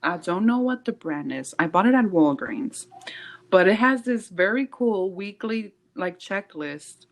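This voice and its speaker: A woman co-hosting a podcast in casual chat, animated and laughing often, slipping in Spanish phrases. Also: mid-range voice, measured pace. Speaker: podcast co-host.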